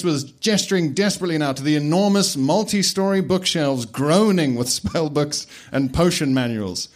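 A man narrating a comic story deadpan and often laughing. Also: fairly high pitch, normal speed, few pauses.

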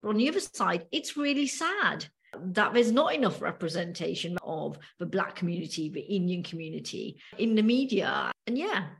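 A middle-aged British woman co-hosting a podcast talks things through in casual discussion. She tells her story thoughtfully, in a measured, hesitant way with plenty of ums. Her lowish voice is gravelly, with big pitch swings.

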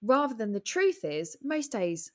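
A woman on a podcast, chatting casually and telling personal stories with lively acted-out thoughts. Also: a little slow. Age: adult with a husband and a child. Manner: animated storytelling, acts out her own thoughts in high voices. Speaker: podcast guest, comedian and writer. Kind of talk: casual interview chat.

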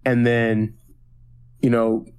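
A man co-hosting a casual pop-culture podcast, recapping a TV episode in a rambling way with many restarts and quick acted-out quotes. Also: mid-range voice, completely flat delivery, darkish tone, clean tone. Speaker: podcast co-host.

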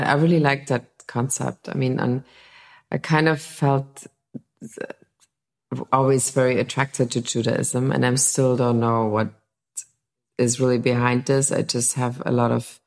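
Very deep-voiced curious woman interviewer. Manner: curious, laughs often. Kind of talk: casual interview chat.

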